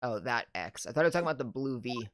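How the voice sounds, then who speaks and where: A player voicing a cool, sardonic male prosecutor in a game, speaking low and mocking. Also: expressive, fast, background noise, close to an everyday voice. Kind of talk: reading game dialogue aloud.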